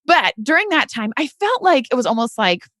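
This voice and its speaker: A woman's voice: high-pitched, sing-song, a little fast, fairly bright tone, no room sound, clean studio sound. A woman telling a personal story as a podcast guest, in an earnest, heartfelt way, often tagging her sentences with "right?" and talking to listeners as "you guys". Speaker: podcast guest, real estate investor.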